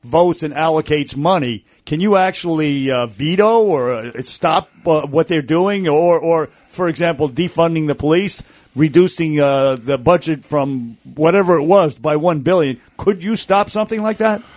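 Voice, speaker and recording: A man co-hosting a radio talk show. He puts his questions to the guest in a halting way, with lots of fillers. His voice sits a little high, and the studio sound is dry. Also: darkish tone, no echo. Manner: halting, hesitant, with many fillers. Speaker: radio co-host.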